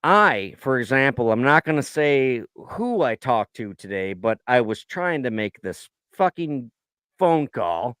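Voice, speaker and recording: A man's voice: medium pitch, very animated, unhurried, fairly bright tone, smooth, no echo, clean studio sound. A man co-hosting a casual podcast from the United States, ranting with heavy swearing and mimicking people in his stories. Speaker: podcast co-host. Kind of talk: crude casual chat.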